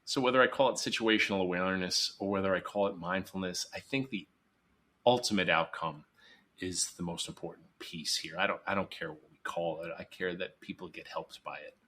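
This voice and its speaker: A psychologist guest in a podcast interview, talking earnestly and emphatically, sometimes acting out quoted voices. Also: male voice, sits low, brisk, sharp tone, a little hiss or hum.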